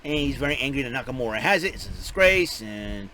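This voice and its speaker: A man giving a casual, rambling spoken recap, excitable and full of restarts and fillers. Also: mid-range voice, fast talker, a little hiss or hum, rough recording. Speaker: show recapper.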